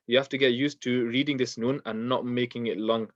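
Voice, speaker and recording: A man teaching a Quran pronunciation lesson, patiently explaining mistakes and repeating words slowly for practice. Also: mid-range voice, fairly even intonation, dry recording. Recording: dull, dry lo-fi sound.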